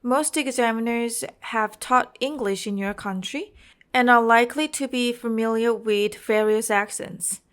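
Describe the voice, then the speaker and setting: Slow, high-voiced woman teaching exam prep. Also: fairly even intonation, a bit bright. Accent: Korean. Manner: explains carefully, often checks with "okay?" and "you know". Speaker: IELTS teacher.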